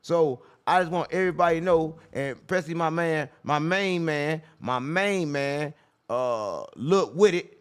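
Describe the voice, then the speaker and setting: A man's voice: on the high side, measured pace, clear, resonant tone. A man hosting a casual podcast, brash and profane, preaching life advice in a loose, rambling way. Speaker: podcast host.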